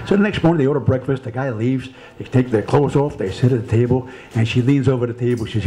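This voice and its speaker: A man telling jokes on a comedy panel, unhurried and easygoing. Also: medium pitch, warm tone. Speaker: joke-off contestant.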